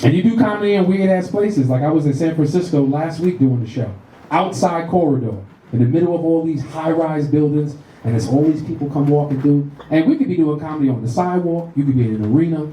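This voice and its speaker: A middle-aged Bronx comedian with a New York accent performs a fast, loud, profane stand-up set on a comedy club stage, slipping into shrill put-on voices. He uses a handheld stage mic, but it's recorded from a distance, giving a roomy club sound with audience laughter in the background.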